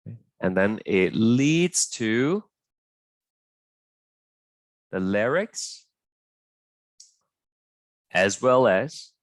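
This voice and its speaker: A man's voice: lowish voice, expressive, very slow, long pauses, dry recording. A young man teaching an online biology tutorial in a chatty, hesitant way, full of fillers and "right?" checks with his students.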